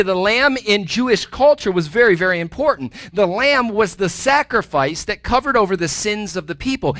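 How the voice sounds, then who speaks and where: Male pastor, sermon delivery, high bright voice, dry close sound, chatty and playful. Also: no echo. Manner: conversational preaching with playful asides. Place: church sanctuary.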